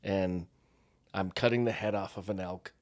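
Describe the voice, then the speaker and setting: A man's voice: low-pitched, moderate pace, no room sound. A middle-aged man from the United States, co-hosting a podcast and telling a story in casual chat, acting out the voices of the people in it. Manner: animated storyteller, acts out quotes. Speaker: podcast co-host.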